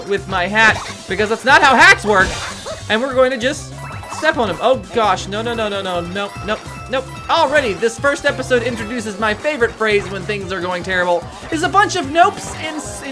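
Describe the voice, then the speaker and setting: A woman's voice: medium pitch, lively intonation, normal speed, music in the background. A woman hosting a let's play, giving chatty, rambling and self-mocking commentary over gameplay.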